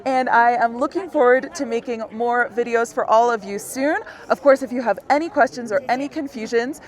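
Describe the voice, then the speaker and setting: A woman's voice: fairly high pitch, fairly quick. A woman teaching a language lesson out of doors, explaining step by step in a friendly way and laughing often. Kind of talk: casual outdoor lesson. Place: outdoors in a busy public place. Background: onlookers in the street.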